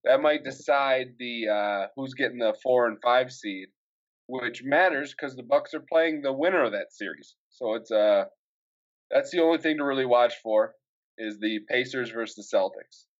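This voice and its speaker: A man's voice: mid-range voice, normal speed, lo-fi sound. A young man co-hosting a casual sports podcast, laughing often as he runs through team news. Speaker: podcast co-host.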